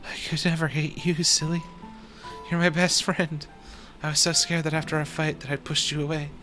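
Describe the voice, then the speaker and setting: A gentle, tearful schoolgirl best friend speaks softly and pleadingly, a man doing her voice well above his own. Her lines are tender and a little shaky. Music plays clearly underneath. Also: on the high side, flat delivery, moderate pace, voice pushed up. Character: soft-spoken teenage girl, tearful best friend.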